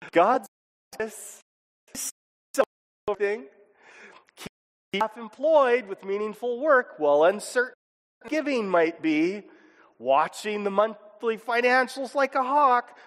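A man preaching a sermon as pastor, animated and expressive, sometimes chuckling and acting out voices. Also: high-pitched, long reverb tail.

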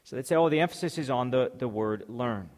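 A man's voice: medium pitch, animated, fairly quick, darkish tone. Man preaching in a reverberant hall. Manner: reads scripture then explains it step by step, with fillers and restarts. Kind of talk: sermon.

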